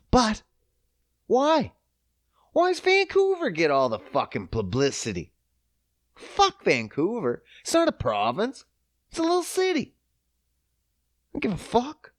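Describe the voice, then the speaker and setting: A foul-mouthed podcast host from Prince Edward Island rants on his own. His pitch leaps up and drops down as he works himself into mock fury. His voice sits close to the mic with a dry, dead sound. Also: no room sound. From Prince Edward Island, Canada. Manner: swears constantly, ranting and mock-heated; loud, animated pitch swings when riled up. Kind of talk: profane solo podcast rant.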